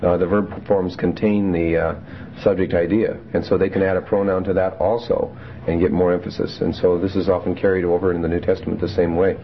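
A man lectures on Greek grammar in a classroom. His voice sits low, and he reads the Greek slowly before explaining each example with many fillers. The tape sounds dull and lo-fi, with a faint hiss. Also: little pitch movement. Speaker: Greek teacher.

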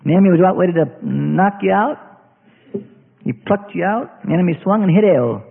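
A high-voiced man preaching with animated, swooping delivery. His voice comes through thin and phone-like, with a long reverberant hall tail behind it. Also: brisk, gravelly. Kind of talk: sermon. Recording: tinny, echoey hall recording.

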